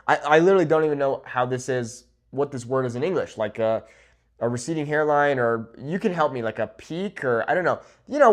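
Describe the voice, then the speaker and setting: A man who teaches Spanish, talking to camera in a lively, informal way, often checking in with "okay?" and "right?". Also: medium pitch.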